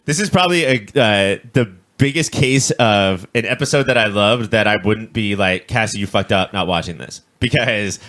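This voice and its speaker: A man's voice: lowish voice, normal speed, hardly any pauses, a bit bright. A young adult man co-hosting a podcast, talking bluntly and profanely in casual, ranting chat. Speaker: podcast co-host. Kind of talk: casual chat about a TV show.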